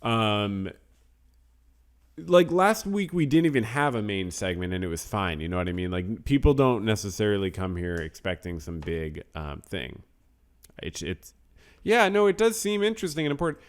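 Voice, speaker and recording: This podcast host has a lowish, smooth voice and talks at a moderate pace, sounding very animated. He rambles casually as he reads out supporter names and news, frequently trailing off into self-deprecating mutters.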